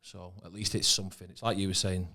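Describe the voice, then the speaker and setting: A man with a Manchester accent talks through his acting work in loose podcast chat. His voice sits a little low. He is relaxed, swears casually and often leaves sentences hanging. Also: fast. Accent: Mancunian. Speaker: actor and podcast guest.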